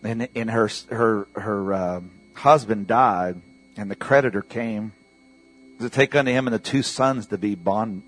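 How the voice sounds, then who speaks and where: A man preaching a sermon as pastor of a church, calling out to the congregation for responses and swinging between loud bursts and hushed asides. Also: fairly low pitch, a little slow, soft background music.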